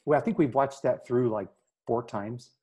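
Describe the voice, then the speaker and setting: A man, a missionary guest, answering casual questions with a joking, self-deprecating manner and halting fillers. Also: medium pitch, warm tone, husky. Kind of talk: casual interview chat.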